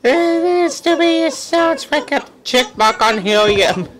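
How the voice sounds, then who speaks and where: A man's voice: extremely high pitch, animated, unhurried, a bit bright, a little hiss or hum. A young man in a student broadcast chat, mumbling and hesitant. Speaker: student guest.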